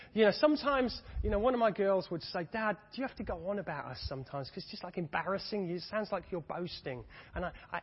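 A man's voice: fairly high pitch, breathy edge. A man preaching a sermon with fervent, rising and falling delivery, repeating his key phrases. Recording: dull reverberant hall sound.

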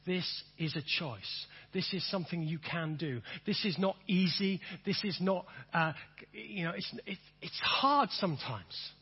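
A middle-aged man preaching a sermon with a high, husky voice. He hammers home his points by repeating lines and calling the congregation to answer back. The sound is dull and a little lo-fi. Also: animated, measured pace. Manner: emphatic, repeats phrases and has the audience say them back.

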